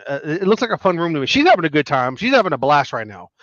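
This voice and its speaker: Animated, mocking male commentary host. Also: fairly high pitch, very fast, dry recording, lo-fi sound. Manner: animated, mocking, talks over clips. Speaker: political commentary show host. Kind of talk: casual news commentary.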